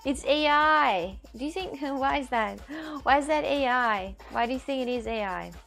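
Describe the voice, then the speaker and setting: A woman's voice: high-pitched, moderate pace, creaky, fairly bright tone. Chatty woman streamer over faint music. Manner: chatty, laughs often, reads viewer comments aloud. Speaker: livestreamer reading chat. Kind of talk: casual live-stream chat. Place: outdoors on a city walk.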